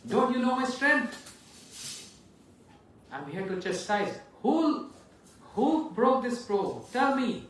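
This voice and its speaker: A man's voice: very animated, slow pace, pauses often, a bit bright, a little hiss or hum, full character voice. A man voicing a furious old warrior sage who threatens and repeats his own name, in an echoey room from far off. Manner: booming, threatening, repeats himself.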